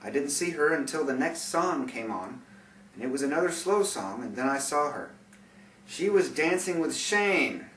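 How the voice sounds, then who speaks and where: A man's voice: fairly high pitch, expressive, moderate pace, fairly bright tone. A man reading his own memoir aloud, sardonic, with bitter asides, in a recording with a roomy, distant sound and faint hiss. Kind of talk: audiobook memoir narration.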